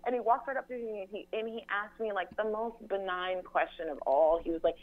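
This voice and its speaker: A young woman, a TV writer as a guest, telling stories in a lively way and acting out quotes as she laughs. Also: mid-range voice, a little fast. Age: young adult. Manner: animated storyteller, acts out quotes, laughs often. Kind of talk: casual anecdotal interview. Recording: tinny phone line.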